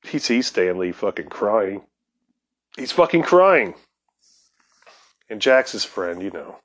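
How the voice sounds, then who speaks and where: A man hosting a casual podcast, telling comics history in a loose, profane, excitable way that is often broken by laughter. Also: low-pitched, moderate pace. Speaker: podcast host.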